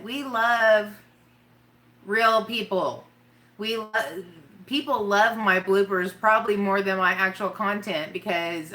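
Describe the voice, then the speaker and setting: A woman's voice: medium pitch, sharp tone. A woman chatting casually and rambling on a live makeup stream, giggling and talking straight to her viewers. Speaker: makeup vlogger.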